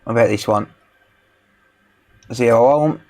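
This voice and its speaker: Man, mid pitch, casual livestream banter, joking, swears freely. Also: slow, darkish tone. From English Midlands. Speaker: electronics repair livestreamer. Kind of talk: casual livestream chat while working.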